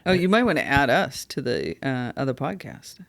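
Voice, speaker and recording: A man hosting a podcast, chatting casually and tossing in quick joking asides. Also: mid-range voice, wildly swooping pitch, gravelly, fairly bright tone, no room sound. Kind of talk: casual chat.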